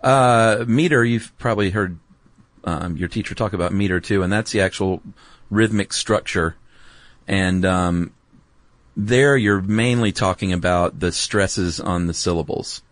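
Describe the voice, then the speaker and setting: A man's voice: deep voice, a little slow, no room sound. A man co-hosting a podcast, laid-back and wry, with many "um"s as he explains. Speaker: podcast co-host. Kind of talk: casual educational chat.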